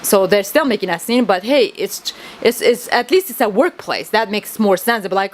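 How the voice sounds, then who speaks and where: A woman's voice: a little high, animated, fairly quick, few pauses. A woman whose first language is Kurdish, venting to camera in a rambling, agitated, swearing monologue that keeps circling back on itself.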